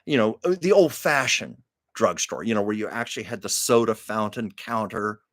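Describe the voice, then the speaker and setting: An older man hosting a live chat, telling stories with a low voice that rises and falls a lot. He talks casually and laughs as he goes. The sound is dry and close. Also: animated, moderate pace, fairly bright tone, no echo. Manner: chatty storytelling, laughs often. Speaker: live stream host. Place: Los Angeles.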